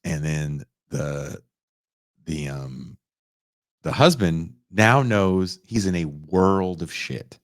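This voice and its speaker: A man in his forties casually reviewing a film, profane and animated, acting out the characters' lines. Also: low voice, extremely slow, no echo, clean studio sound. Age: 40s. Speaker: podcast host reviewing a film.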